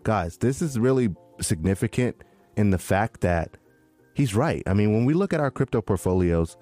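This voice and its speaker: A man co-hosting a casual podcast, excitable and slangy as he chats. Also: on the low side, normal speed, faint music behind. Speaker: podcast co-host. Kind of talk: casual crypto chat.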